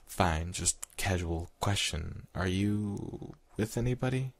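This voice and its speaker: A man's voice: low-pitched, takes it slowly, creaky, dry recording, exaggerated voice. A man voicing a shy, awkward young man who talks hesitantly. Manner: hesitant, stumbling.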